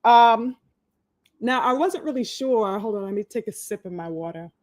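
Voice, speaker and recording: A woman's voice: on the high side, lively intonation, normal speed, a little mellow, no room sound. A woman hosting a live podcast, talking casually with lots of fillers and restarts. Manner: chatty, many fillers and restarts, greets viewers by name. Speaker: podcast host. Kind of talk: casual live-stream talk.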